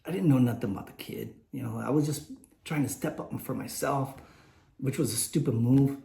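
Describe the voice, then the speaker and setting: Man, late 40s, rambling candid storyteller, mellow tone, roomy echo. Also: mid-range voice, moderate pace, gravelly. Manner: rambling, candid, many fillers and restarts. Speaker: vlogger telling a personal story. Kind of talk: unscripted personal storytelling. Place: indoors, warm room.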